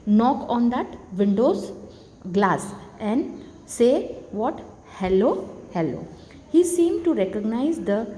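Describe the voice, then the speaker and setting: Woman teacher, mellow tone, explains a textbook with rhetorical questions. Faint background hiss, reverberant room. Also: fairly high pitch.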